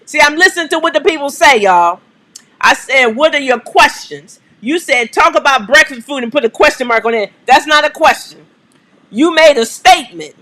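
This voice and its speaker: A woman's voice: on the high side, bright, forceful tone. A woman hosting a live stream, answering viewer questions in an emphatic, preacherly way and coaxing the audience again and again. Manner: emphatic, repeats "okay?" and "come on", coaxing the audience; preacherly call-and-response cadence.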